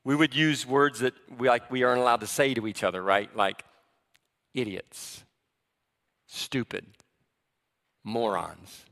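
A man preaching a sermon as pastor, in a conversational, animated way that acts out the people he quotes. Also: medium pitch, fast talker, hardly any pauses, in a large hall. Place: church sanctuary.

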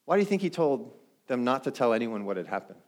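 A man's voice: mid-range voice, sing-song, fast, darkish tone. A middle-aged male pastor preaching a sermon in a conversational way, often putting questions to the congregation.

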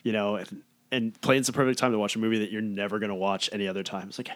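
A man co-hosting a podcast, laid-back and chatty, a little drowsy and quick to laugh. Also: on the low side, flat delivery, fairly bright tone, dry recording. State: slightly drowsy from medication. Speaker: podcast co-host. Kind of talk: casual chat.

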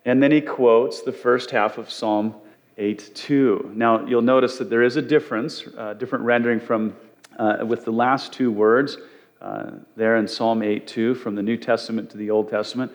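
A man gives a Bible lesson in an easygoing, conversational manner. He often pauses and restarts his sentences as he explains a point. His voice sits at an ordinary, middle pitch for a man. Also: fairly even intonation. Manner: conversational, with frequent fillers and restarts. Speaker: pastor. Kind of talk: Bible teaching.

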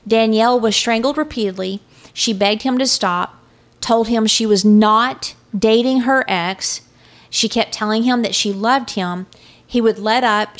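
Woman recounting a true crime case. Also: mid-range voice. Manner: reads out a transcript in a level, unhurried voice. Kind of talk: casual true crime chat.

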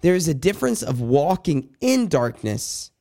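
A man talks through a personal Bible devotional, earnest and halting, often restarting his sentences. His voice sits a little high and carries a gravelly edge. He turns now and then to speak directly to God. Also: very animated, mellow. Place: indoors at night.

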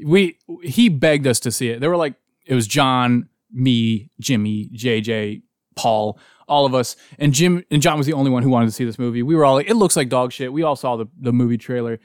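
A man's voice: mid-range voice, fairly quick, smooth, no echo, studio quality. A man chatting casually with friends, telling crude stories and laughing often. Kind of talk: casual chat among friends.

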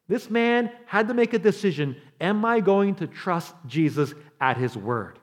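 A pastor preaching with a high, light voice for a man. He tells his stories with animation and acts out the voices of the people he quotes. For emphasis he drops to a quiet, slow delivery. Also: expressive. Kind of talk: sermon.

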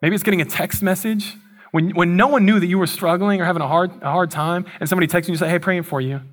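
A man's voice: sits high, fairly even intonation, quick pace. Casual man preaching a sermon. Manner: casual storytelling with slangy asides. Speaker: pastor.

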